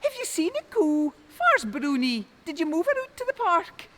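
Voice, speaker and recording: A woman's voice: fairly high pitch, animated, measured pace. A woman with a Doric Scots accent voicing a worried crofter's wife and mother in a folk tale, fretful and raised. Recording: long reverb.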